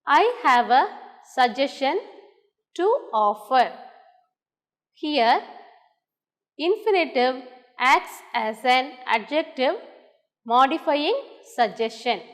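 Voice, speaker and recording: A woman's voice: sits high, lively intonation, takes it slowly, pauses often, a bit bright. A woman with a Tamil English accent teaching an English grammar lesson, dictating examples word by word. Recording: roomy hall with long echo.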